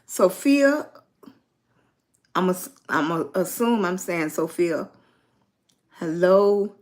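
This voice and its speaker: A middle-aged woman from Virginia with a soft Southern accent talks to her livestream viewers in an unhurried, easy way. Her voice sits a little low for a woman, and she draws her words out. She greets people in the chat by name and spells them out. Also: steady tone. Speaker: lifestyle livestreamer.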